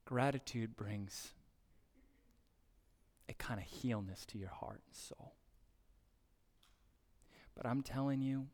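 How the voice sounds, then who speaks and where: A male pastor preaching a sermon in a church service, earnest and exhorting, building to excited emphasis. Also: mid-range voice, slow pace, pauses often, long reverb tail. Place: church sanctuary during a service.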